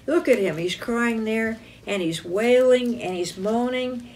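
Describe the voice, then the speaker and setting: Slow, expressive woman telling a Bible story. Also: on the high side, slight background noise. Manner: deliberate, expressive, self-correcting. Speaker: chapel teacher. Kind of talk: children's Bible storytelling with visual aids.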